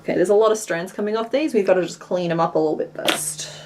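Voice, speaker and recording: A woman's voice: mid-range voice, fast talker, noisy background. A young woman with a West Australian accent, chatting casually with viewers on a live stream while she crochets. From Western Australia. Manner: chatty and self-deprecating, narrating her hands-on work.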